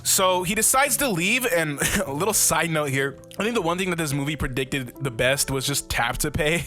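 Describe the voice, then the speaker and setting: Bright-voiced young guy recapping a movie. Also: on the high side, lively intonation, a little fast, soft background music. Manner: loose and profane, with lots of fillers and chuckles. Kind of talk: casual movie recap commentary.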